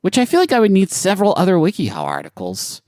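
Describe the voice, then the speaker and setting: A man's voice: high voice, wildly swooping pitch, fast talker, a little mellow, no echo, clean studio sound. A man co-hosting a comedy podcast, reading web articles aloud and riffing on them with crude jokes. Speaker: podcast co-host.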